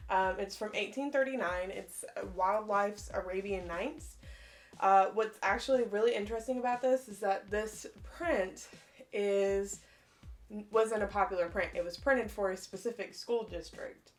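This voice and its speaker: A woman's voice: medium pitch, unhurried, faint music behind. A woman co-hosting a casual collecting video, chatty and enthusiastic, often saying "like". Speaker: co-host. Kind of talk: casual collection show-and-tell.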